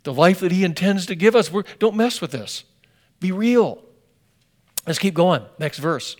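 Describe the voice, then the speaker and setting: A man's voice: high voice, expressive, a little slow. An older man preaching a sermon, telling stories with folksy asides and hammering points home with emphatic repetition. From US Northwest. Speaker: pastor.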